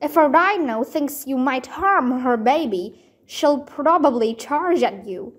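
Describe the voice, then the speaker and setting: A patient, caring game ranger from a storybook who explains the dangers kindly, read by a woman. The voice is high and the pace slow. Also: expressive. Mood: concerned.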